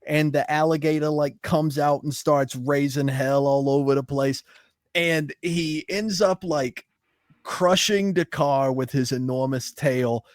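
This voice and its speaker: Slangy, playful movie podcast co-host, man, bit higher voice, filler-heavy. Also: unhurried, dry recording, studio quality. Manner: playful, slangy, retells plots with lots of fillers. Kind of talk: casual movie review chat.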